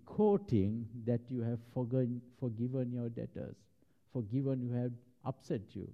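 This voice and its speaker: A man delivers a reflective sermon at a mid-range pitch, weaving personal stories into scripture. He turns soft and low whenever he recites a prayer. The recording sounds dull and lo-fi. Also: moderate pace. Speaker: preacher.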